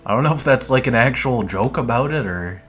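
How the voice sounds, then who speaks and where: A man's voice: mid-range voice, animated, brisk, a bit bright, husky, faint music behind. A man casually chatting while he plays a game, rambling and laid-back and swearing often. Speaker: streamer playing a dungeon game. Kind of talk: casual gameplay commentary.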